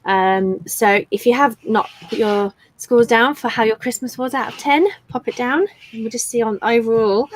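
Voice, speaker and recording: Her fairly high voice keeps a steady tone at a moderate pace, with hardly any pauses. She's a woman in her thirties co-hosting a casual live stream from home, chatting ramblingly with many ums, and the audio is poor.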